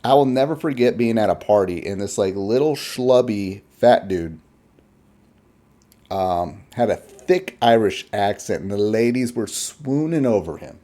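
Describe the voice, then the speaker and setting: A man's voice: fairly low pitch, animated, unhurried, mellow. A man giving casual, rambling reaction commentary in a blunt, chuckling way.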